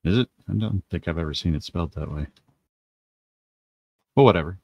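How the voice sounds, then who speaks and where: Deep gravelly laconic player, a man. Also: expressive, fairly quick, warm tone, lo-fi sound. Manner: laconic, dry, short replies. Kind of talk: casual chat while planning a tabletop game.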